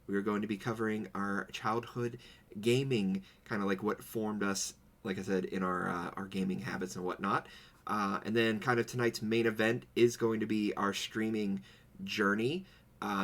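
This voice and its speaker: A man's voice: on the low side, gravelly, a bit bright. A man co-hosting a podcast in casual chat, telling stories with goofy put-on quotes. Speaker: podcast co-host. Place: home streaming setup.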